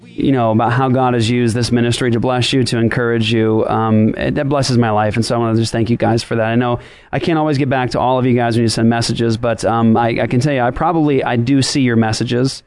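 A man's voice: medium pitch, steady tone, quick pace, a little mellow, dry recording. A man hosting a ministry podcast, casual and rambling with sarcastic jokes. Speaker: podcast host. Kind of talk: casual ministry talk show.

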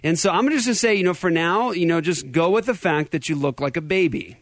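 A man's voice: fairly high pitch, brisk, no room sound, studio quality. A man hosting a live call-in show, talking energetically and rambling with many restarts. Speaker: host. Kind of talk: casual live show chat.

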